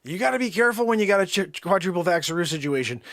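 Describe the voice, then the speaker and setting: A man's voice: high voice, animated, rapid-fire, a bit bright, no echo, clean studio sound. A male comedian doing a manic improvised comedy monologue that jumps between silly voices.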